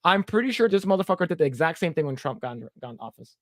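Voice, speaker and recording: Rapid-fire and very animated, this man's voice is on the high side and a bit bright, recorded cleanly in a studio with no echo. He's a podcast co-host in his thirties who swears, rambles through stories, mimics voices in quotes, and reads viewer comments aloud in casual chat.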